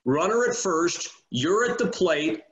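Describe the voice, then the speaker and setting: A male sports broadcaster with a high voice hosts the interview and asks polished, measured questions. The sound rings with the echo of a room. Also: lively intonation, fairly bright tone. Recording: echoey studio room.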